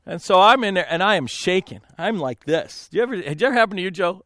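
A man speaking as a pastor in a storytelling talk, animated, laughing often and acting out the voices of people in his stories. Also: high-pitched, fast, dry recording.

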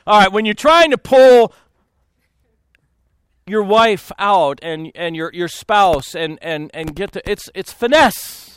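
A man speaking as a pastor in a storytelling talk, animated, laughing often and acting out the voices of people in his stories. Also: high-pitched, takes it slowly, clear, resonant tone.

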